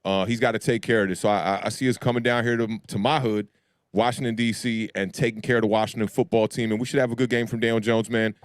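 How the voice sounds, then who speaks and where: A man's voice: mid-range voice, fairly even intonation, quick pace, dry recording, studio quality. A man from Maryland, a guest sports YouTuber on a video call, talking casually in laid-back slang.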